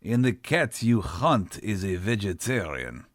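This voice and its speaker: Guy putting on a stern russian guide, thick accent, slow clipped words, kinda distant sounding. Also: fairly low pitch, very animated, dry recording, studio quality. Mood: curt. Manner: curt, slow, few words. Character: stern terse Russian guide, adult man.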